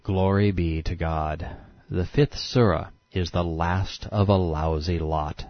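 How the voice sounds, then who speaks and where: A man's voice: sits low, slow, no room sound. A man giving scornful, sarcastic scripted narration as a documentary narrator, in a dull, dry recording.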